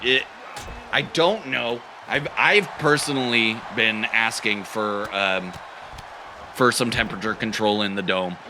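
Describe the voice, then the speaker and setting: A man's voice: on the low side, a little slow, noisy background. A man doing goofy play-by-play wrestling commentary, cracking silly jokes between calls. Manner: goofy, silly jokes, bursts into excited shouting.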